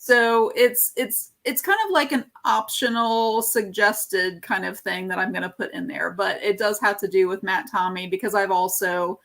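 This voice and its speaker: A woman's voice: medium pitch, fairly even intonation, moderate pace, creaky, few pauses, a bit bright. A woman hosting a casual live-stream interview as an art course teacher, rambling and easily sidetracked.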